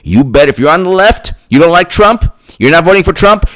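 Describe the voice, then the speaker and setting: A man's voice: high-pitched, sing-song, normal speed, a bit bright. A man hosting his own political commentary channel, ranting sarcastically, repeating himself and mocking others in put-on voices. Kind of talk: rambling solo political rant.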